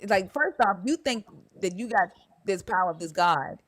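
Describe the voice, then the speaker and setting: A woman with a mid-range voice, speaking at normal speed, tells a story in casual conversation about her church experiences. She is an animated storyteller who swears freely and acts out quotes.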